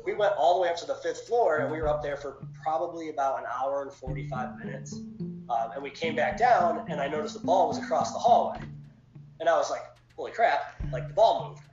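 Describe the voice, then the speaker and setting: Fast-talking man telling ghost stories. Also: fairly high pitch, reverberant, dull audio, over music. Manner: animated, fast, many fillers. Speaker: guest, paranormal society owner. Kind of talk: casual storytelling interview.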